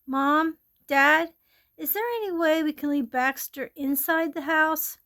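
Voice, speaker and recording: A woman voicing a cheerful young girl who dotes on her dog, speaking brightly and affectionately. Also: sits high, a little slow, heavily acted.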